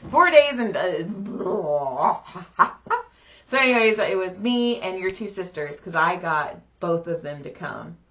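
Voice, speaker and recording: A woman's voice: on the low side, animated, takes it slowly, fairly bright tone. Female podcast co-host, blunt and profane, muffled sound. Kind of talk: casual chat. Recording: muffled lo-fi recording.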